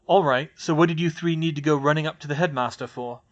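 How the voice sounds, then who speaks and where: A steady, caring teenage boy wizard, put on by a man reading the storybook. He stays gentle and reassuring and speaks softly in a slightly high voice. He sounds like someone others lean on. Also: quick pace, muffled recording, close to an everyday voice. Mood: curious.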